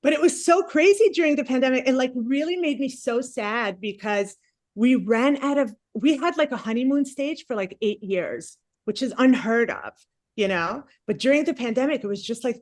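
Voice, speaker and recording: A woman doing a stand-up comedy set on stage, chatty and self-mocking with animated asides. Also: a little high, moderate pace, no room sound, studio quality. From Palestinian family. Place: comedy stage before a live audience.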